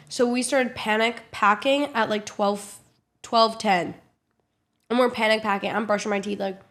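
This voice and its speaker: A young woman streamer telling a casual story to her chat, animated and swearing a lot. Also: mid-range voice. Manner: animated, swears a lot, acts out loud kids.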